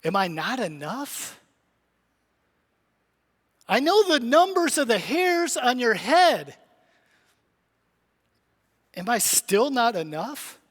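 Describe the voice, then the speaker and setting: A tender, sorrowful God pleads over and over, as a high-voiced male preacher speaks for him. The words carry a long reverb through a church sanctuary. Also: big pitch swings, takes it slowly, long pauses, a bit bright, heavily acted. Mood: pleading. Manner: repeats one aching question. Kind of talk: sermon.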